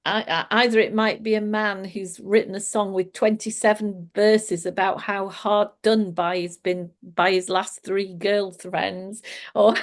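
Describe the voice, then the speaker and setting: A woman's voice: mid-range voice, little pitch movement, unhurried. A woman giving a casual, reflective spiritual talk, laughing often as she explains. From England. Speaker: spiritual teacher.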